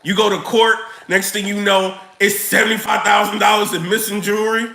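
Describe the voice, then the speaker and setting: A man ranting to his viewers in a casual, joking way, slangy and animated. His voice sits high and sounds gravelly and bright. The sound echoes around the room. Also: a little fast. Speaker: vlogger. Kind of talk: casual rant to camera.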